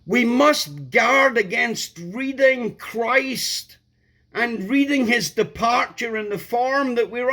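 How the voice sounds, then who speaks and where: A man preaching a sermon, emphatic, repeating key words and building to loud outbursts. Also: extremely high pitch.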